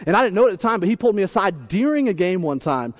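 High-voiced guy preaching, jokey and animated, thirties. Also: racing. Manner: animated, playful, acts out voices and shouts. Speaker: pastor. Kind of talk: humorous sermon.

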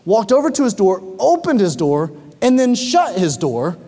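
Animated male preacher in a reverberant hall. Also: normal speed. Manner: animated storytelling, rising loud when excited, dropping low for emphasis. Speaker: pastor. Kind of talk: sermon.

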